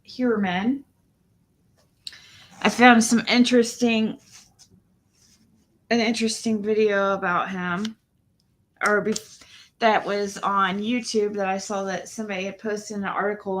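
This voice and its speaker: An unhurried woman hosts a casual livestream chat, talking slowly. She rambles, trails off mid-thought and restarts her sentences. Her voice sits at an ordinary middle pitch. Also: steady tone. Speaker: livestream host.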